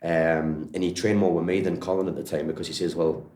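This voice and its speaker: A Geordie man with a very low voice talks quickly as a martial arts coach, rambling through stories in a friendly, casual way. His voice carries an echo from the room around him. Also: little pitch movement, darkish tone. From Newcastle, England. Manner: rambling, friendly, lots of "you know" and "like". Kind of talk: casual storytelling interview.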